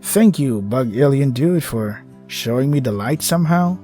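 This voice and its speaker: A man's voice: medium pitch, expressive, measured pace, warm tone, faint music behind, natural voice. A man voicing a frightened young woman, a former singer, in a visual novel game, pleading with a creature.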